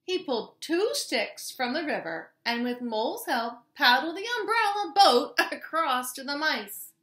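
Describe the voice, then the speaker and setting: A woman reading a children's picture book aloud in a gentle, expressive way. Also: high-pitched, a little slow, echoey room. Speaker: storybook reader. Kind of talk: children's story read-aloud.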